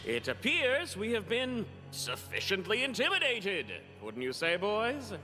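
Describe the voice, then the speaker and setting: Male actor: smug aristocrat in a parody cartoon, high, wildly swooping, hall reverb. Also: huge pitch swings, a little slow, bright, forceful tone, exaggerated voice. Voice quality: pompous, formal diction. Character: pompous young male noble, haughty and smug. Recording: reverberant with background music.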